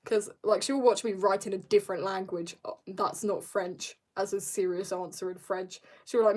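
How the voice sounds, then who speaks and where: A woman's voice: medium pitch, fairly even intonation, moderate pace, darkish tone. A teenage girl chatting casually on a drawing livestream, rambling and laughing at herself as she tells stories. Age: teens. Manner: rambling, self-mocking, giggly storytelling. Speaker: streamer.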